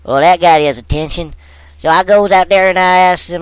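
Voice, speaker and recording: Country man with a folksy drawl, rustic grammar and a clear, higher voice, in a dry recording. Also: moderate pace, no room sound, rough recording. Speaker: on-scene witness. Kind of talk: comic rural storytelling.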